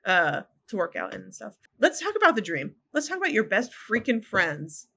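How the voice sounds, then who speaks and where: Bright-voiced joking woman co-host. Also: medium pitch, sing-song, normal speed, creaky. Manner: playful, jokey, echoes her co-host. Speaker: podcast co-host. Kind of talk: casual sports chat.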